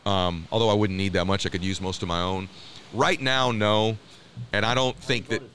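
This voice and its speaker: A man's voice: fairly low pitch, normal speed, slight background noise. A middle-aged man as a podcast guest, talking in an earnest, motivational way and acting out the dialogue in his stories. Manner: animated storyteller, acts out quoted dialogue. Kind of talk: podcast interview.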